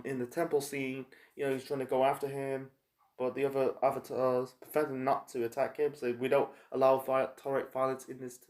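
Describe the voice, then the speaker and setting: A man casually reviewing a TV episode, rambling and halting with lots of fillers and restarts. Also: medium pitch, a little mellow. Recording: echoey room.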